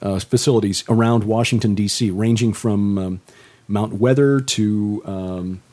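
A man's voice: lowish voice, fairly even intonation, unhurried, darkish tone. A man from the St. Louis area co-hosting a casual chat, stammering and restarting a lot and chuckling often. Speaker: co-host and novelist.

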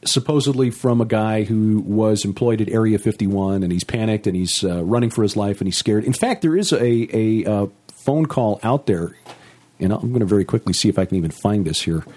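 A man co-hosting a laid-back podcast conversation, with a husky, somewhat low voice. He speaks in a measured, halting way, pausing often as he gathers his thoughts. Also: animated, dark tone. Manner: measured, hesitant with many filler pauses. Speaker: podcast co-host. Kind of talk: casual conversational chat.

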